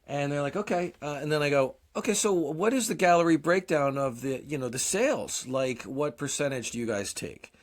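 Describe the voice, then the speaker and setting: A man's voice: on the high side, expressive, brisk, few pauses. A man in his forties, co-hosting a podcast, telling a long casual story, swearing often and mocking himself. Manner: profane, self-deprecating storyteller. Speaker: podcast co-host.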